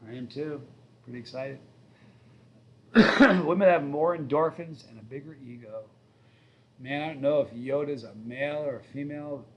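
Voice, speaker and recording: A man in his fifties hosting a live stream, chatting casually, reading viewer questions and rambling through stories. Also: fairly high pitch. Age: 50s. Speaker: livestream host.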